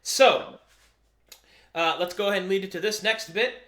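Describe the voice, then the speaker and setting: Game master, man, high voice, upbeat and loose, roomy echo. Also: moderate pace, sharp tone. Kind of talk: running a tabletop game.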